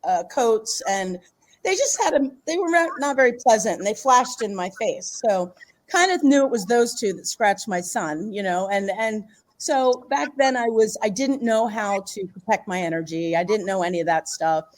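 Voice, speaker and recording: A middle-aged woman from the Philadelphia area telling a personal story in a casual, animated way, laughing often and acting out what people said. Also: medium pitch, normal speed, low-quality recording. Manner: animated, laughs often, acts out quoted voices. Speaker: podcast guest.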